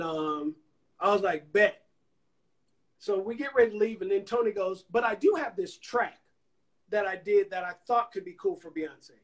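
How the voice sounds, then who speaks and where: Guy from alabama with a pretty high voice, chatty storyteller doing everyone's voices, talking over a phone live stream. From Anniston, Alabama, US. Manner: animated storyteller acting out quoted voices. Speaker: songwriter and producer guest. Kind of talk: casual storytelling interview. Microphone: Instagram Live phone call.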